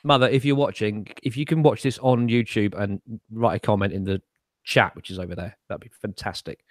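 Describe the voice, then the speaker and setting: A man's voice: on the low side, fairly even intonation, fairly quick, no echo, studio quality. A man co-hosting a casual live-stream chat, joking, swearing freely and laughing often. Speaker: co-host.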